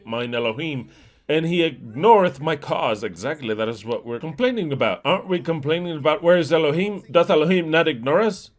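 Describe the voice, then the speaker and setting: A man preaching a sermon, reading scripture aloud and explaining it emphatically, often swinging his pace and volume. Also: medium pitch. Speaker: pastor.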